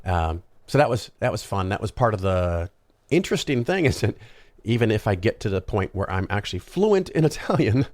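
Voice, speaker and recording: Male podcast host, deep gravelly voice, rambling casual monologue, dry close recording. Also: darkish tone, dry recording. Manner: rambling, conversational, frequent ums and asides.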